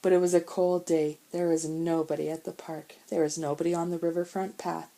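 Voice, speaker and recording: A woman reads a children's storybook aloud in a calm, measured voice. Her tone is mellow and warm, and her pitch sits on the low side. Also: rough recording. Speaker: audiobook narrator. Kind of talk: storybook narration.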